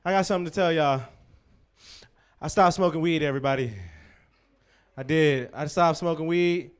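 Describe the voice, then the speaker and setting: A man's voice: a little high, moderate pace, clean tone. A man hosting a comedy show, telling profane stand-up stories and bantering with the crowd.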